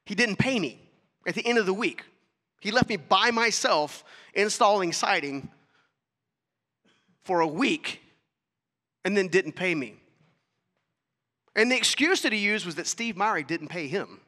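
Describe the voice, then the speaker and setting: A man's voice: high voice, animated, a little slow, long pauses, pushed and bright, in a large hall. A man telling a story to an audience as a motivational talk, acting out the dialogue and throwing questions at the listeners. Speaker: speaker.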